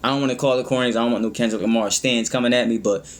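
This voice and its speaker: A man's voice: mid-range voice, fairly even intonation, racing. Rambling man reacting to music. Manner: rambling, fumbles words, many "you know what I mean". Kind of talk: casual reaction commentary.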